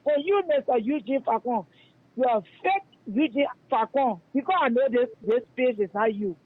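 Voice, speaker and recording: A man's voice: extremely high pitch, lively intonation, moderate pace. A man with a Liberian English accent calling in to a radio show, delivering a fiery, repetitive rant that denounces people by name. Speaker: radio caller. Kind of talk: heated call-in rant. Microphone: phone. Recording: tinny phone line.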